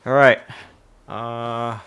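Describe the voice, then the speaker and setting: A man's voice: medium pitch, level tone, extremely slow, a bit bright, clear, resonant tone, lo-fi sound. Winded man rambling while cooking on stream. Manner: rambling, swears often, reads recipe aloud. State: out of breath. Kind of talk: casual live-stream chat while cooking.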